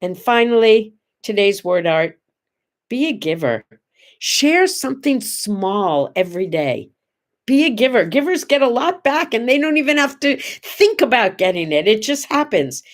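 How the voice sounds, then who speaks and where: A woman hosting a casual morning show, telling anecdotes in a chatty, animated way with playful asides. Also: on the high side, moderate pace, few pauses. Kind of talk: casual chat and storytelling.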